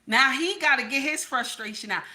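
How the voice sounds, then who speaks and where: A woman's voice: high-pitched, normal speed, bright, forceful tone. A woman hosting a livestream, talking bluntly to her chat and often checking in with "okay?". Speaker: livestream host. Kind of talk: candid livestream talk to chat.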